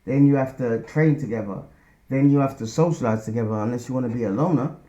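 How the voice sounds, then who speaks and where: Mellow man teaching scripture. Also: mid-range voice, fast. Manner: conversational, tags lines with "man" and "all right?". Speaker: religious teacher. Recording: dull lo-fi recording.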